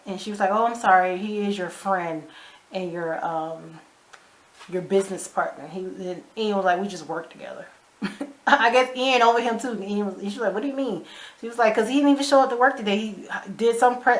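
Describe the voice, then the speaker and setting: A woman giving a casual recap of a TV episode, retelling scenes bluntly with lots of swearing and sharp asides. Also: medium pitch. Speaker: show recap vlogger.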